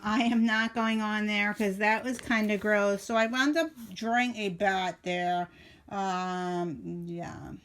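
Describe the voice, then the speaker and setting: A middle-aged woman talks through the pages of her journal in a loose, chatty way. She rambles, trails off and restarts her sentences, filling the gaps with ums. Her voice sits at an ordinary middle pitch. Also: a bit bright. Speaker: journaling vlogger. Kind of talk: casual journal flip-through.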